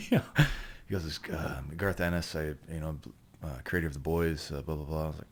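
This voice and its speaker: A man with a very low, deep voice tells a story in casual podcast chat. He rambles and swears freely, with sudden loud, laughing bursts. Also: steady tone, a little fast, slightly rough. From Canada. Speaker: podcast guest.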